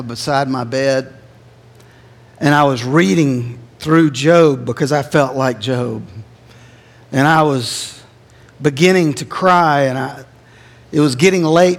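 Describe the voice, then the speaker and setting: A middle-aged man delivers a sermon at an unhurried pace, his voice sitting a little high. He tells a personal story, swelling at its peaks and sinking low and quiet. A long reverb of a large hall trails each phrase. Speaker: pastor.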